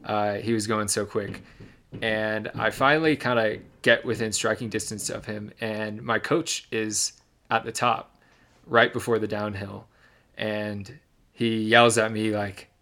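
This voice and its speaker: A man's voice: on the low side, level tone, unhurried, pushed and bright. A young man from Michigan, a podcast co-host, giving a detailed, reflective recap of a race in casual storytelling.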